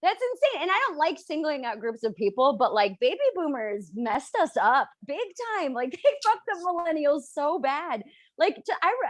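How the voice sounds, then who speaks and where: A woman in her thirties doing a stand-up set, animated and swearing, who slips into the voices of the people she quotes. Her voice sits a little high and moves all over. The sound is close and dry. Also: no room sound. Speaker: stand-up comic.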